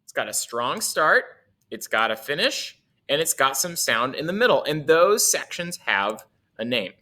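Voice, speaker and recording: A man's voice: mid-range voice, sing-song, a little slow, bright, forceful tone. A man teaching a casual music lesson, playful and chuckling often as he explains.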